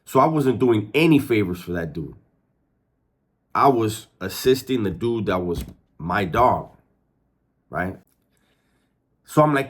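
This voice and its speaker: Man, low husky voice, middle-aged, street slang, swearing, candid storytelling. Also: very animated, slow pace, pauses often. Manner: streetwise, profane, frequent restarts. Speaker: former prisoner telling his story.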